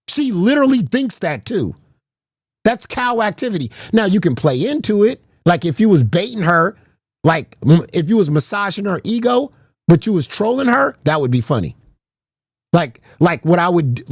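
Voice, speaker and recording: Lively, profane man streaming. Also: fairly high pitch, dry recording, studio quality. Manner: animated, profane, rambling with restarts. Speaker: livestream host. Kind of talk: casual livestream chat.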